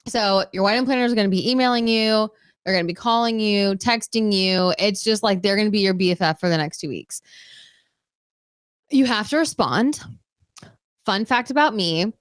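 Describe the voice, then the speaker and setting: A young adult woman co-hosting a podcast in casual chat, telling animated stories and acting out conversations. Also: mid-range voice, moderate pace, clean tone, dry recording, clean studio sound. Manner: animated storyteller who acts out conversations. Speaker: podcast co-host.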